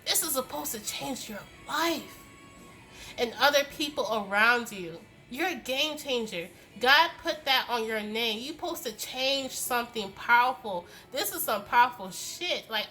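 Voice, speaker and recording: A woman's voice: on the high side, lively intonation, measured pace, pushed and bright, soft background music. A young woman giving a casual tarot reading to camera, emphatic and swearing often, with many "okay?" tags as she delivers a tough-love pep talk. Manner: many "okay?" tag questions. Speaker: tarot reader.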